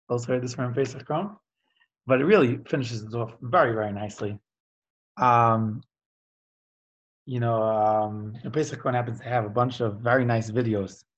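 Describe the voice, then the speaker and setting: A man teaching an informal spoken Torah lesson in a conversational, emphatic way, with his voice jumping high on key points. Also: breathy edge. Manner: conversational with frequent fillers and restarts. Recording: dull lo-fi recording.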